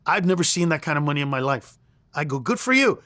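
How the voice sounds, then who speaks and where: A middle-aged male comedian telling a story in an interview, animated and profane, acting out the voices he quotes. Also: on the high side, quick pace, no room sound, studio quality. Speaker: comedian guest.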